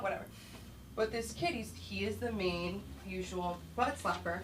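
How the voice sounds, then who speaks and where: A woman's voice: medium pitch, lively intonation, fairly quick. A woman doing a rambling stand-up set at an open mic, acting out kids and herself in voices. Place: small comedy club stage. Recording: distant room mic with faint noise.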